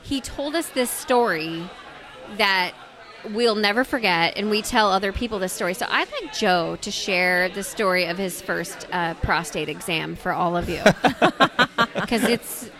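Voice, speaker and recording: A woman's voice: mid-range voice, measured pace, fairly bright tone, some chatter behind. A woman hosting a casual podcast chat, giggly as she introduces her guest and reacts to his story. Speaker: host.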